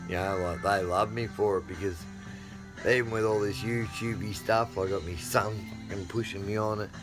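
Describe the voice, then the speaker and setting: Low-voiced, profane middle-aged man spinning yarns. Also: fairly even intonation, normal speed, music in the background. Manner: rambling, profane, swings between loud outbursts and mutters. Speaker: vlogger. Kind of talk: casual storytelling.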